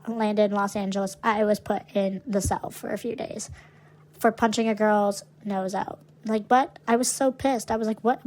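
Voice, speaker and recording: A woman's voice: medium pitch, a little mellow, rough recording. A young woman co-hosting a podcast, telling wild stories in a brash, profane, dramatic way. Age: young adult. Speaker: podcast co-host. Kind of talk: casual storytelling chat.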